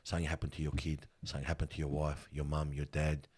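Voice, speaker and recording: In a casual interview, a middle-aged man in the funeral business recounts stories with earnest, animated energy, frequently saying "bro" to the listener. His bass voice is slightly rough, and he's a fast talker.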